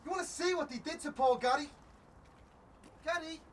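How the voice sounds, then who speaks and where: A jittery crook in a movie, high and frantic. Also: male voice, normal speed, a little hiss or hum. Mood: panicked. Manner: agitated, shouting. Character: jittery young male crook, panicky and shouty. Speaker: crook in a heist.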